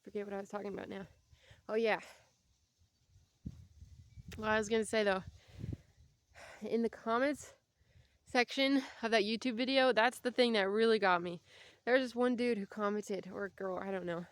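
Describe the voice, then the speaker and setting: A woman's voice: on the high side, moderate pace, long pauses, no room sound. Chatty, winded young woman vlogging outdoors. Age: young adult. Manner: chatty, rambling, animated. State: out of breath. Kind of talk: casual chat while walking. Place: outdoors on a walk.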